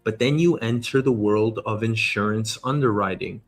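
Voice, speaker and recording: A man hosting a show, giving an energetic motivational monologue, emphatic and casually swearing. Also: on the low side, moderate pace, soft background music. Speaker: show host.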